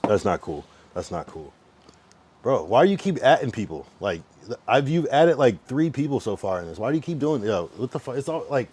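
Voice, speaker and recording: A man's voice: fairly low pitch, lively intonation, moderate pace, darkish tone, a little hiss or hum. A young man livestreaming, ranting at his chat in an irritated, swearing, casual way.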